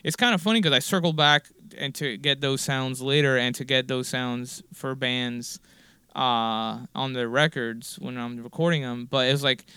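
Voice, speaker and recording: A man's voice: medium pitch, steady tone, moderate pace, sharp tone, clean tone, no room sound. A man in his forties telling a long, rambling story in a casual interview, with lots of fillers and the odd swear word. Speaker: guest musician.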